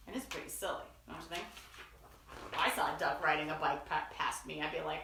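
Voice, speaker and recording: A teacher reading a picture book aloud, expressive and asking her listeners questions. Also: deep voice, brisk, echoey room, recorded from a distance, slight background noise. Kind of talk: storybook read-aloud.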